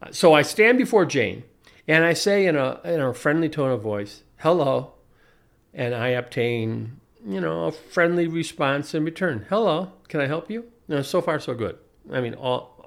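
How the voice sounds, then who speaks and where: A man in his forties giving a sardonic storytelling monologue, wry and deliberate, often restarting his sentences and adding asides. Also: a little high. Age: 40s. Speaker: commentator.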